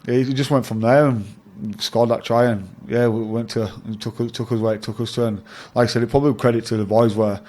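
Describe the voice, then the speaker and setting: A man's voice: mid-range voice, level tone, fairly quick, hardly any pauses, a little mellow. A young man with an English accent, a rugby league player chatting as the interview guest, rambling with frequent fillers and swearing, calling people mate. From England. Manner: rambling, laughs often, swears, says mate. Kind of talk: casual interview chat.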